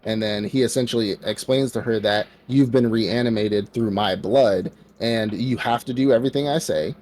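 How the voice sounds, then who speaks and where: A podcast co-host with a fairly low, slightly mellow voice and a moderate pace retells an anime plot casually. He performs the characters' dialogue, and "like" pops up again and again.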